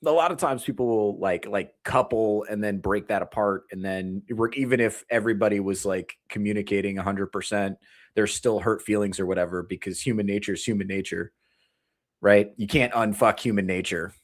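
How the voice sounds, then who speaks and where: A man in his thirties, a comedian, ranting casually to his stream chat, profane and rambling, with animated mock quotes. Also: lowish voice, a little fast. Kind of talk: casual rant to a live chat.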